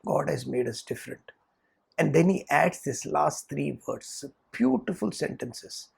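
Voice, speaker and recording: Brief: spiritual lecturer, deep fry and heavy rasp throughout, earnest, rhetorical asides. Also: lively intonation, unhurried. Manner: earnest, checks in with rhetorical "hmm?" tags. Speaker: spiritual teacher. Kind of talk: lecture on scripture.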